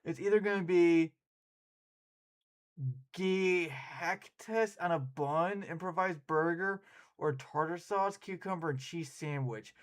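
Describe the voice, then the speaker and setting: A man streaming and chatting casually with his viewers, excitable and quick to laugh and swear. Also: on the high side. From United States.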